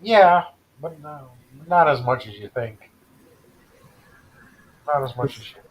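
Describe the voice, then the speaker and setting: A man's voice: a little high, lively intonation, a little slow, low-quality recording. A man from Canada chatting casually, answering in brief, laconic replies. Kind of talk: casual chat.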